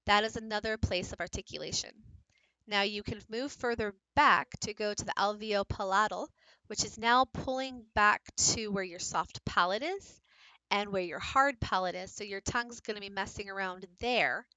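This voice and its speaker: Woman, bright clear voice, dry close recording; lecture presenter explaining sounds to fellow teachers. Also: mid-range voice, moderate pace, no room sound, low-quality recording. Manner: explanatory, practical, addresses teachers directly. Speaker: teacher presenting a book study.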